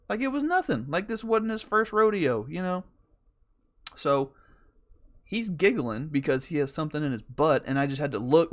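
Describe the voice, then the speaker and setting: A man hosting a podcast, telling a rambling, profane story in a casual way. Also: fairly high pitch. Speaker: podcast host.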